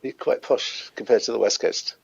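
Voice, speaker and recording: A man's voice: fairly low pitch, moderate pace, vocal fry, slightly rough, no room sound, dull audio. A man joining a live stream as a guest, talking effusively and heaping on praise. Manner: effusive, keeps praising warmly. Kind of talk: casual chat on a live stream.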